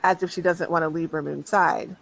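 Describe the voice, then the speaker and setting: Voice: medium pitch, fairly even intonation, brisk, gravelly, fairly bright tone, slight background noise, rough recording. Game master narrating a tabletop game. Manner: casual narration with hedges like "kind of".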